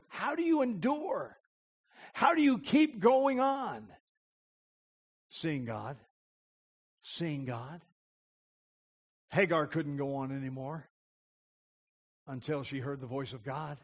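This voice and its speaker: Middle-aged guy preaching, slightly high voice, takes his time, leans hard on repeated lines. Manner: deliberate, emphatic preaching with repeated phrases. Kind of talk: sermon.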